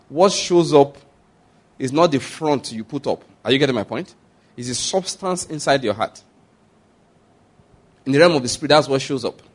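A middle-aged pastor with a Nigerian accent preaches a sermon in a mid-range voice. He tells stories with animation, acts out scenes, and repeats his points.

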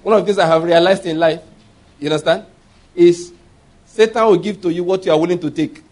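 A middle-aged man preaching a sermon, telling personal stories with animated quoted voices and laughing at his own tales. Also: high voice, brisk. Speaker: pastor.

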